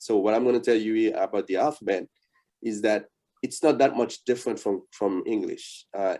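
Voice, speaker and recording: A man's voice: lowish voice, dark tone. A man with a Haitian accent teaching an interactive beginner language lesson, patient and explanatory, with fillers and repeated words.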